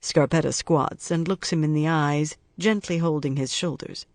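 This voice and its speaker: An audiobook narrator reading a crime novel in an even, measured way. The voice sits at a middle pitch, with no liveliness pushed into it. The recording is dry and close, with no room sound. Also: no echo.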